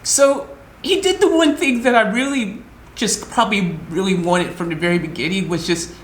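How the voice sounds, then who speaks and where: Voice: medium pitch, normal speed, a little hiss or hum. Emotionally shaken vlogger, echoey room. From United States. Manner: animated retelling with quoted voices, rambling restarts. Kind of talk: emotional storytelling vlog.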